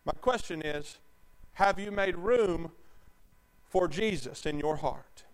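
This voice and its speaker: A male pastor with a drawl delivers a sermon in a fairly high voice. He prompts the church to call back answers and moves between hushed, close talk and full shouts. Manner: call-and-response preaching, swinging from quiet talk to shouting.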